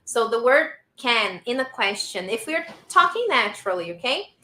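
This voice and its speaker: A woman's voice: on the high side, sing-song, moderate pace, bright, forceful tone. A woman teaching a live online English lesson, patiently repeating model sentences for her students. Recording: roomy echo.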